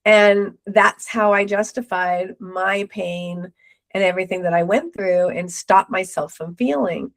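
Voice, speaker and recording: A middle-aged woman speaks as a guest, recounting her own story with animated, acted-out quotes. Her voice sits at a middle pitch. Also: a little slow. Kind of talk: personal storytelling in an interview.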